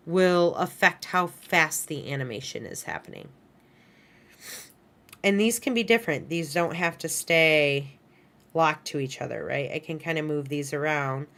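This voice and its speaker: A woman's voice: deep voice, fairly bright tone. A woman teaching an animation class at her computer, talking casually and correcting herself as she goes. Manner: casual, self-correcting, lots of "right?" and "kind of". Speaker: animation instructor. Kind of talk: recorded class lecture. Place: screen-share lesson at a computer. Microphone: headset or desk mic she adjusts.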